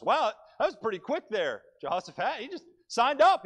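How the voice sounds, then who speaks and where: A male preacher delivering a sermon in church, telling the story with animated, dry humor. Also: sits high, brisk, hardly any pauses.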